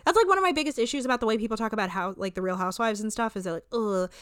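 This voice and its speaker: A woman's voice: fairly high pitch, racing, fairly bright tone, smooth, no room sound, studio quality. A woman in her thirties hosting a casual recap podcast, blunt and opinionated, swearing freely and saying "like" a lot. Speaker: podcast host.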